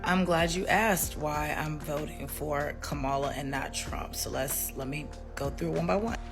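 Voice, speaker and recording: Low-voiced woman arguing her case. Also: measured pace, over music. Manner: confident, cutting, argumentative. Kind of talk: social media opinion video.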